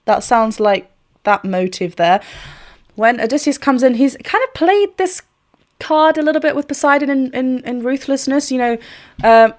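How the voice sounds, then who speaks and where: Woman, vocal coach, casual reaction talk, chatty, scats melodies, slightly high voice. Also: moderate pace, faint music behind. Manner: chatty, scatting melodies and laughing.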